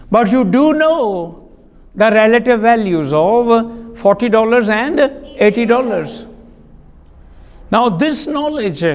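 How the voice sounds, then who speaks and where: A male teacher leads a vocabulary lesson in class, speaking deliberately as he spells out words and repeats sentences for dictation. His voice is high, and the sound carries the feel of a big room.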